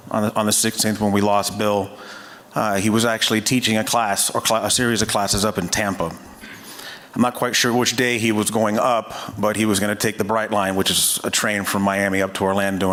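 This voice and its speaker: A fire division chief speaking at a memorial, telling a story in a measured way with frequent hesitations. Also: male voice, lowish voice, a bit bright. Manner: measured, hesitant with many uhs. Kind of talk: memorial speech.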